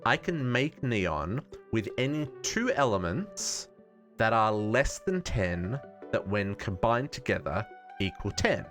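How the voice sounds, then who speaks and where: Australian male streamer, low-pitched, animated, chatty and self-correcting. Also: slow pace, faint music behind. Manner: thinking aloud, musing and self-correcting. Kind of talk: casual live-stream gaming chat.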